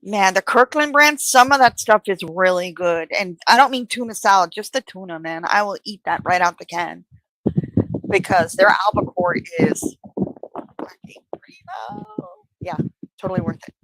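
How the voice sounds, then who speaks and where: A chatty woman co-hosting a casual stream, her voice bright and forward. She swears casually and keeps the chat rolling in a dry, close-sounding room. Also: medium pitch, animated, normal speed, no echo, low-quality recording. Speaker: co-host.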